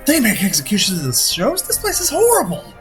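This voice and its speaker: A man voicing an excitable young female pirate in a British accent, with a shrill, outraged manner. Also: a little fast, soft background music, heavily acted. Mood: shocked.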